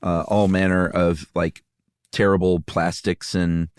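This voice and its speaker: A man co-hosting a podcast, explaining events in a steady, casual way with frequent "uh" fillers and dry asides. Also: low voice, unhurried, smooth, no room sound. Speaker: podcast co-host. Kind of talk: casual conversational storytelling.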